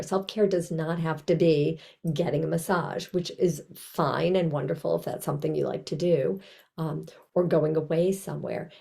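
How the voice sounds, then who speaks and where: A woman with a heavily gravelly, low and mellow voice gives a conversational trauma training talk over a video call. She speaks gently and reflectively, slipping into soft, kind self-talk asides.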